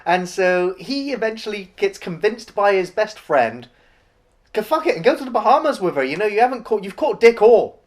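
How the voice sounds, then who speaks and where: A man's voice: high-pitched, big pitch swings, normal speed. A man co-hosting a casual film review podcast, chatting loosely and making fun of the characters. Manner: chatty, mocks characters in put-on voices. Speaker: podcast co-host.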